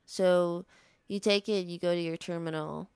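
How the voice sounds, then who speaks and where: Gravelly low-voiced woman spinning a comic tale. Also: steady tone, moderate pace, a little mellow, no echo. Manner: rambling, heavy use of "like". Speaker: comedy podcast host. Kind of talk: improvised comic storytelling.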